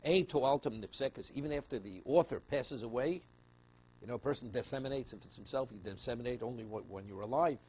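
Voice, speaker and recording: Speaking a little fast at a medium pitch, a rabbi explains texts phrase by phrase in his study class and tells stories casually, with many restarts. Slight background noise sits under the dull, lo-fi class audio.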